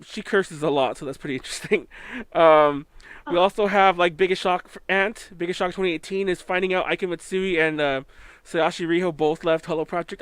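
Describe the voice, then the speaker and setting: Californian guy hosting a podcast, kinda high voice, dry close sound, rambles a lot. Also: a bit bright, clean tone, dry recording. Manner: rambling, with many fillers and self-corrections. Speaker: podcast host. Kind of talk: casual chat.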